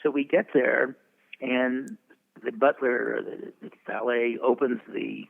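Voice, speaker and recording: Over a tinny line that sounds like a phone, an old publicist in his eighties spins meandering show-business tales as an interview guest and keeps chuckling. His deeply gravelly, fry-filled voice stays fairly even in intonation and runs a little slow.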